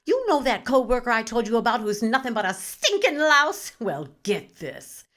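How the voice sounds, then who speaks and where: A woman's voice: fairly high pitch, big pitch swings, a bit bright, pitched above the performer's own voice. A woman voicing an outraged, gossiping woman complaining about a coworker on the phone, in an exaggerated, indignant rant. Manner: exaggerated, indignant, rapid ranting.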